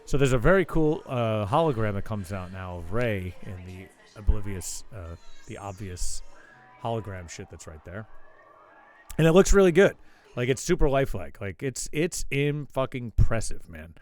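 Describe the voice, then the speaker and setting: A man's voice: fairly low pitch, lively intonation, normal speed, a little mellow, faint music behind. A man hosting his own show, telling a rambling, profane story in casual chat. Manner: swears a lot, rambling asides. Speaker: show host.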